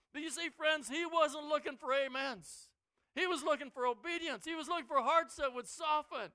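A man delivers a sermon in a very high, bright and smooth voice, dropping low and quiet, then climbing to shouts. The sound is dry and close, from a headset mic. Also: normal speed, no echo. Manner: dramatic, swings from quiet to shouting. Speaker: preacher.

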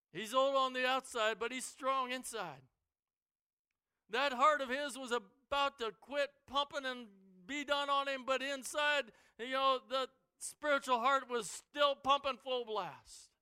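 A man delivers a sermon in a very high, bright and smooth voice, dropping low and quiet, then climbing to shouts. The sound is dry and close, from a headset mic. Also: dry recording. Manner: dramatic, swings from quiet to shouting. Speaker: preacher.

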